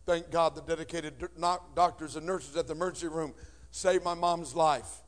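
A man preaching a sermon with personal testimony, swinging from shouting to hushed tones in front of a congregation. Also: fairly high pitch, steady tone, moderate pace. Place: before a congregation.

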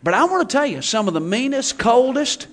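A man preaching a sermon in a church, folksy and animated, with humorous asides and shouted emphasis. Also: very high voice, fairly quick.

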